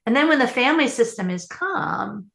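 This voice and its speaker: A woman's voice: fairly high pitch, animated, normal speed, creaky, a bit bright, echoey room. A woman parenting coach answering interview questions in an earnest, explanatory way, often restarting her sentences.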